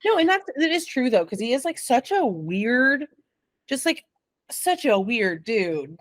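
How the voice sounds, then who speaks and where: A woman's voice: fairly high pitch, sing-song, unhurried, no room sound. A young adult woman co-hosting a podcast, chatting casually and rambling with lots of giggles and fillers. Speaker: podcast co-host. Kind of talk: casual chat.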